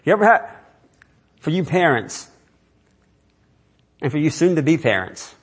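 Male pastor, slightly high husky voice, sermon delivered as an informal talk full of rhetorical questions. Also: sing-song, unhurried. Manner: conversational preaching with rhetorical questions.

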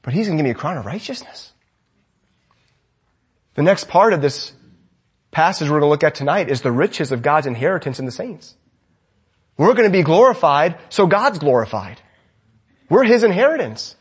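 A man preaching a sermon with fervent energy, swinging between loud exclamations and hushed lines. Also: a little high, sing-song, normal speed, long pauses, breathy edge.

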